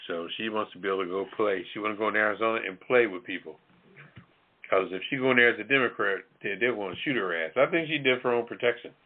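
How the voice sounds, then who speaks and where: Male co-host, plain-spoken and blunt, low voice, phone-quality sound. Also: quick pace. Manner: blunt, colloquial. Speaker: talk show co-host. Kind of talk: casual political chat. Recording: tinny phone-like line.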